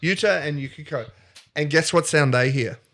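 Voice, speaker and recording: A man's voice: on the high side, moderate pace, pushed and bright. Playful rambling man. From not American. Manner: playful, rambling, self-interrupting. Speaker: podcast co-host. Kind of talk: comedic story retelling.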